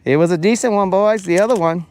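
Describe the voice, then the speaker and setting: A man's voice: high voice, quick pace, darkish tone. A young man casually talking to viewers while fishing, joking around in playful, slangy banter. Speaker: fishing vlogger.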